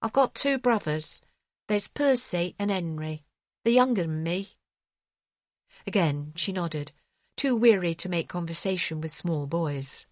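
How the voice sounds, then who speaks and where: A woman narrating an audiobook with expressive storytelling. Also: fairly low pitch, no echo, clean studio sound.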